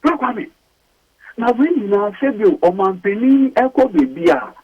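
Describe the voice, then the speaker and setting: A man with a Ghanaian accent giving emphatic radio talk as a lawyer guest, repeating his points with sharp rises. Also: extremely high pitch, normal speed, highs cut off. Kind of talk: animated radio talk mixing English and Twi. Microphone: studio mic.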